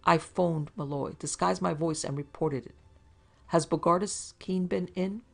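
Brisk, amiable old-school male sleuth with a gravelly edge, as a woman reader puts him on. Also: fairly low pitch. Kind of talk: storybook reading.

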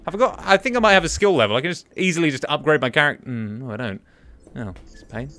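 A man's voice: a little high, expressive, fast talker, fairly bright tone. A young man giving chatty, exasperated commentary while playing a game. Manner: chatty, exasperated, muttering to himself. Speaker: gaming commentator. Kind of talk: casual let's-play commentary.

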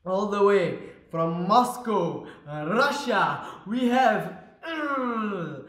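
A young man from South Africa hosting his vlog in an energetic, playful way. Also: high-pitched, extremely slow. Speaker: vlogger. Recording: echoey room.

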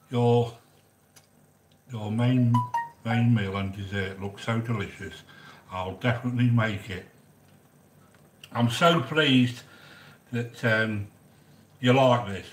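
A man's voice: medium pitch, fairly bright tone. A man hosting a cooking channel, chatting casually and effusively as he reads out viewer comments, repeating himself with plenty of fillers. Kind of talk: casual live-stream chat reading viewer comments. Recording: echoey room.

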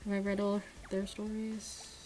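A young woman giving casual commentary while pulling in a gacha game, drifting between quiet, mumbled disappointment and sudden shrieks of excitement. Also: measured pace, low-quality recording. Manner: swings from mumbled low sighs to shrieking excitement. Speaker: gacha gaming streamer.

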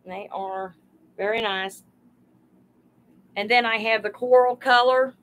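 Slow-talking woman selling live. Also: a little high, steady tone, a bit bright, muffled recording. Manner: chatty, homey, greets viewers by name. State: overheated. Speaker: live sale host. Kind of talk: live-stream selling, chatting with viewers.

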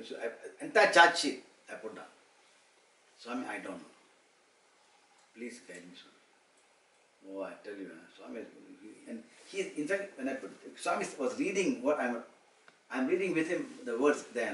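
A man's voice: medium pitch, fast. A man in his sixties from Malaysia, telling personal stories at an informal devotional gathering and acting out the dialogue. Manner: animated storyteller who acts out quoted dialogue. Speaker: motivational speaker. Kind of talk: informal devotional storytelling talk. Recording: echoey room, far-off mic, faint hum.

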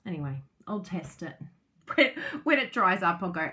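A woman chatting casually as she unboxes craft kits, gushing and excitable, laughing often. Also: mid-range voice, slow. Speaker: craft vlogger and product demonstrator.

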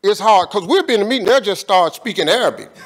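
A man's voice: high voice, animated, quick pace, noisy background. A man speaking as a guest in an on-stage conversation, talking in an emphatic, colloquial way with preacher-like repetition.

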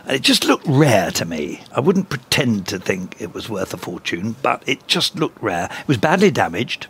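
A man with an English accent, a guest in a cricket commentary box, telling lively anecdotes and chuckling through punchlines. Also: mid-range voice, moderate pace, slight background noise.

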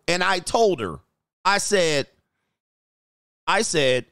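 A man hosting a dating commentary show, telling a story bluntly and jumping up in pitch when he quotes himself. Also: lively intonation, takes it slowly, long pauses, fairly bright tone, clear, resonant tone, no echo, studio quality. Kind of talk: casual commentary reacting to clips.

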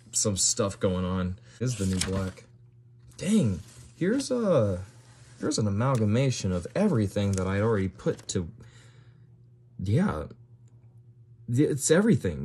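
A man's voice: fairly low pitch, mellow, slightly rough. A young man leafing through an old sketchbook and commenting casually for his video, with bewildered reactions and fillers as he goes. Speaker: video creator.

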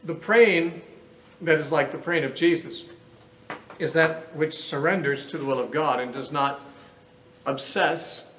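A man's voice: a little high, fairly bright tone. A man teaching a Bible class, explaining scripture in an earnest lecture that reasons aloud. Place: lecture room. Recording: roomy echo with faint background noise.

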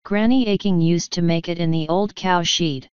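A woman's voice: lowish voice, moderate pace, smooth, dry recording, dull audio, lightly acted. A woman reading the part of a blunt, determined young farm girl in a storybook. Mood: matter-of-fact. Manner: sharp, insistent.

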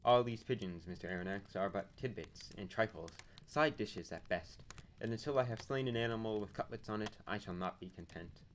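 A man voicing a blunt, hungry Canadian harpooner in a storybook reading, gruff and hearty. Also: fairly low pitch, a little fast, a little hiss or hum, natural voice.

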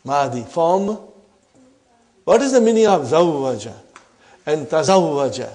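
In an Arabic grammar class, a male teacher keeps quizzing his students, nudging them with a quick "huh?" and addressing them as brothers and sisters. His voice is fairly high, expressive, and a little mellow.

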